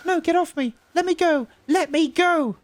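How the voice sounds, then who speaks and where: A man voicing a panicked young woman who screams and pleads frantically in a shrill voice. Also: moderate pace. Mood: hysterical.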